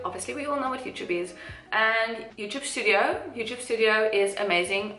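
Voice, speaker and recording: Her medium-pitched voice pushed and bright, a young South African woman chats casually to camera as a vlogger, rambling and giggling as she goes. The recording comes from an echoey room with faint music.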